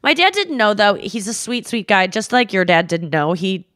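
A woman's voice: moderate pace, no room sound, clean studio sound. A young woman co-hosting a podcast, telling a story in casual chat and swearing freely. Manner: animated, swears freely, acts out quotes in shrill yells. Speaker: podcast co-host.

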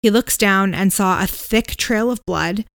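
Speaking a little slowly at medium pitch, a woman shares a ghost story on the podcast she co-hosts, casually filling it with "um"s, "like"s and hedges. The recording is dry, with clean studio sound.

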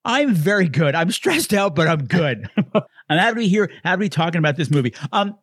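A man hosting a podcast in casual chat, theatrical and excitable, laughing easily. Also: sits high, brisk, slightly rough, dry recording, studio quality. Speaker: podcast host. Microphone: podcast microphone.

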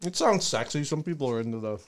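A man's voice: mid-range voice, animated, fast, slight background noise. A man in casual livestream chat, wisecracking and swearing while eating.

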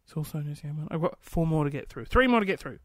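Over a noisy background, a woman with a low, expressive voice talks rapid-fire as she hosts a casual livestream. She giggles and gasps while reading viewer comments aloud, staying chatty and playful with little asides.

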